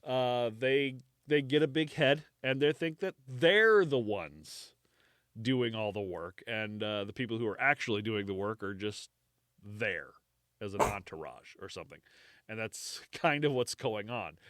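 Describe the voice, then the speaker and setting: A man co-hosting a casual history podcast, telling the story in a joking, animated way. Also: fairly low pitch, a little slow, dry recording, studio quality. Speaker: podcast co-host.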